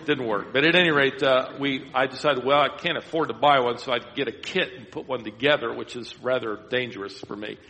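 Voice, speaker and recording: A man's voice: mid-range voice, a little fast, hardly any pauses, sharp tone, slight background noise. A man telling a long, self-deprecating personal story in a sermon, with a rambling anecdotal manner. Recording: long hall reverb.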